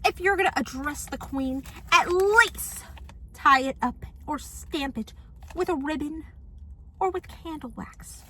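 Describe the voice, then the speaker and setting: A woman's voice: high voice, measured pace, a bit bright, slight background noise. A young woman telling a story on her couch in a sassy, dramatic, mocking vlog style. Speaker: vlogger. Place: apartment living room.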